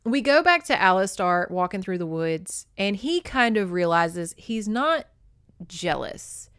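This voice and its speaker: A woman's voice: mid-range voice, very animated, unhurried, a bit bright, clean tone, no echo, studio quality. A woman hosting a podcast, recapping a romance novel in a casual, chatty way with swearing and laughing asides. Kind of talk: casual book recap with read-aloud passages.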